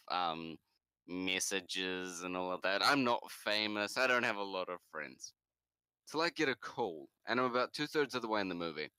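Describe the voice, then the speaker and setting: Young NZ man, podcast co-host, animated storyteller with a bright, dry-recorded voice. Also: no echo. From New Zealand. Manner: animated, jumps into high shouts for quoted lines. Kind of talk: casual storytelling.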